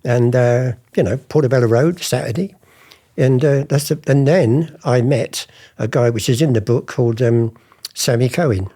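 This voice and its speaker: At a moderate pace and medium pitch, an older man speaks in a warm tone. A former art forger being interviewed, he chats through anecdotes, acting out past conversations in different voices.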